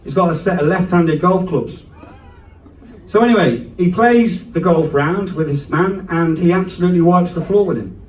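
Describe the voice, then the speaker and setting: On a club stage, a male stand-up comedian tells a rambling family story, chatty and interrupting himself. His voice is high-pitched at a moderate pace, picked up from a distance in an echoey club room.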